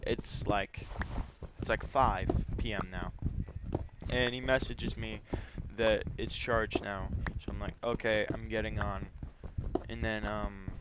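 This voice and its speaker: A man's voice: on the low side, steady tone, slow pace, heavy background noise. A man chatting casually over gameplay, telling a rambling story with lots of fillers. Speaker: gaming YouTuber.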